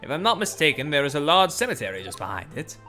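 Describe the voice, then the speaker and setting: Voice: medium pitch, big pitch swings, fast talker, pushed and bright, soft background music. A streamer voicing a pompous, eccentric male Victorian detective in a theatrical, grandiose way, reading game dialogue aloud. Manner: theatrical, grandiose and self-satisfied.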